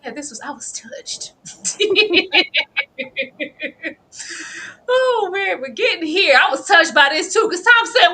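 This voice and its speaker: A woman co-hosting a casual TV episode review, expressive and slangy, laughing as she talks to her chat. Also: very high-pitched, unhurried, long pauses.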